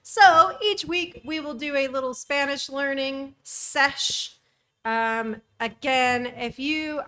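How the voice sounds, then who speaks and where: A young woman with a bright, lifted voice, talking easily as a podcast co-host. She chats casually, dropping lots of ums as she explains things. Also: a little high. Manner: chatty, frequent ums. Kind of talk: casual chat.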